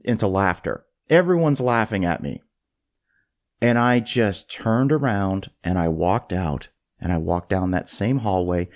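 Male host, casual storyteller, lower register, stumbles and restarts. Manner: animated, restarts phrases. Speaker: podcast host.

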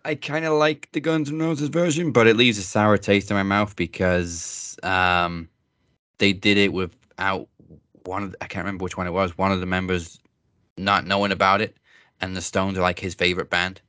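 A man's voice: low voice, fairly even intonation, moderate pace, sharp tone, no echo. A man co-hosting a casual talk show, rambling with lots of fillers and restarts. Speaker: podcast co-host. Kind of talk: casual wrestling chat.

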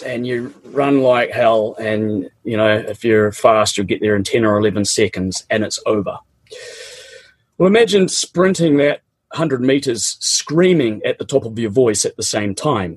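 Husky New Zealand man telling stories. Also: medium pitch, no room sound. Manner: animated, laughs often, colloquial. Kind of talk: casual personal storytelling.

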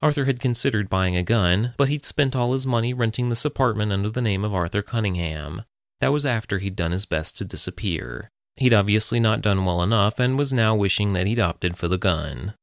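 Deep-voiced man narrating a story. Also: animated, fairly quick, creaky, no echo, clean studio sound.

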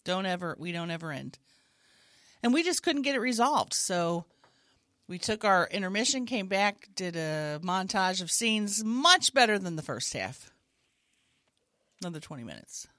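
A woman improv comedian in casual, jokey comedy banter with an animated delivery. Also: mid-range voice, moderate pace, no room sound, clean studio sound. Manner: animated, jokey, slips into character voices.

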